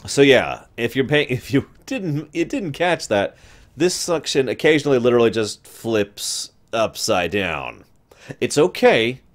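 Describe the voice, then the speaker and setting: A man chatting through a game playthrough, self-deprecating and quick to laugh. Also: medium pitch, big pitch swings. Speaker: gamer commentator. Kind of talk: let's-play commentary.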